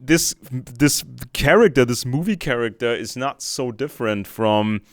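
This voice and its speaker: Man, smooth resonant voice, dry close sound, earnest, pauses to find words, video call. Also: mid-range voice, no echo. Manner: earnest, searching for words mid-sentence.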